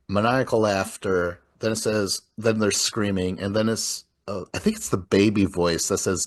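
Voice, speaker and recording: A man's voice: sits low, steady tone, moderate pace. A man casually talking through a movie scene by scene, rambling and swearing, laughing often. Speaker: podcast host.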